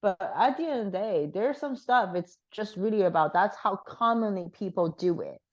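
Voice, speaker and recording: A slightly hoarse woman chatting frankly as an interview guest, with plenty of fillers. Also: medium pitch, animated, normal speed, lo-fi sound. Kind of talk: casual chat.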